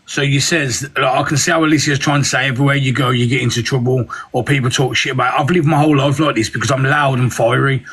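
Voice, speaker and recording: A British man on a livestream firmly trying to calm a heated argument. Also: mid-range voice, fast, few pauses, slightly rough. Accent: British English. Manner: firm, trying to calm things down. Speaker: livestream guest.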